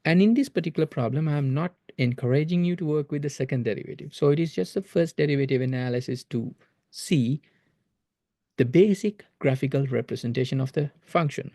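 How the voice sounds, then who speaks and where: A man's voice: on the high side, a little fast, dark tone, dry recording, clean studio sound. A man teaching a math lesson in a recorded video lecture, explaining patiently and repeating phrases to stress his points.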